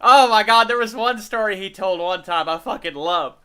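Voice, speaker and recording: A man's voice: high-pitched, moderate pace, pushed and bright, smooth. A man giving casual, profane, mocking commentary over a video, laughing and repeating catchphrases.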